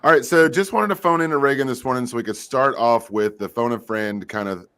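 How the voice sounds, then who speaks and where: A man hosting a casual community morning livestream, chatting in a relaxed way with many fillers. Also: medium pitch, fairly quick, clear, resonant tone. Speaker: host.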